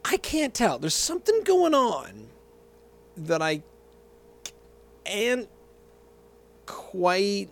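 A man's voice: high-pitched, wildly swooping pitch, drawn-out words, long pauses. A man vlogging casually, telling a rambling story and tasting a beer, often correcting himself and going off on tangents.

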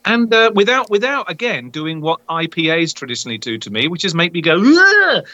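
High, bright, expressive man on beer. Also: a little fast, no echo, muffled recording. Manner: enthusiastic, expressive, says mate. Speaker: podcast co-host reviewing beers. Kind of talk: casual chat.

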